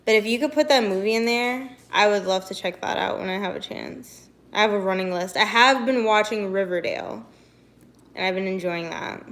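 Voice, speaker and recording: A woman's voice: medium pitch, normal speed, a bit bright. A young woman streamer in casual live-stream chat, bubbly and rambling, with lots of "like". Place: home, walks to the kitchen.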